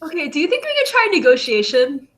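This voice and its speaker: High, bright woman playing cheekily. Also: huge pitch swings. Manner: quick, joking, playfully cheeky. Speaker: player. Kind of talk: casual tabletop play.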